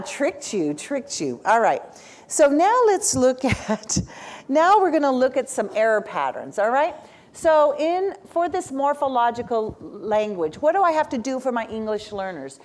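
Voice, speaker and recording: Animated woman lecturing teachers. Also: fairly high pitch. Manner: animated, asks the audience questions, frequent "right?"; speaks as the learner in first person. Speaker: lecturer on spelling instruction. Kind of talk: workshop lecture.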